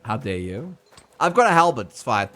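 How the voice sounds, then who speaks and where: Animated streamer chatting over a game. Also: male voice, medium pitch, normal speed, slight background noise. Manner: loud laughing reactions, chatting with viewers. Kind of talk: casual gameplay commentary.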